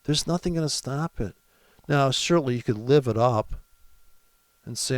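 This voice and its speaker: A man's voice: mid-range voice, normal speed, long pauses, no echo. A man talking through his live forex trades in a rambling, profane and mocking way. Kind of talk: casual live trading commentary.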